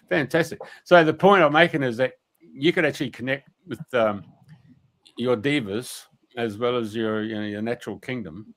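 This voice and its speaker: A man's voice: mid-range voice, moderate pace, fairly bright tone. A middle-aged man, a radio guest, telling a story in a colloquial, rambling way, with many fillers and mild swearing.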